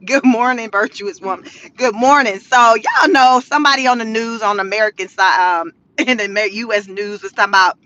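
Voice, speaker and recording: A woman's voice: on the high side, fairly quick, pushed and bright, dry recording, low-quality recording. A woman giving casual, slangy commentary from her car, with laughing asides. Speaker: vlogger.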